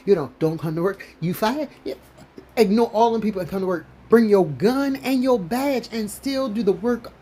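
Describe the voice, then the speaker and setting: A woman's voice: on the low side, a little mellow, a little hiss or hum. Sassy, mocking woman commentator. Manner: sassy, mocking rhetorical questions. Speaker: commentary vlogger. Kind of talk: casual commentary while cooking.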